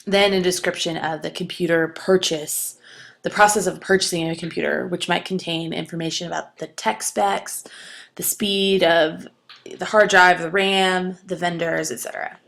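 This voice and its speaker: A woman's voice: fairly low pitch, fairly even intonation, normal speed, gravelly, fairly bright tone. A woman giving a recorded writing lecture, explaining patiently with some fillers and restarts. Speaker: writing instructor.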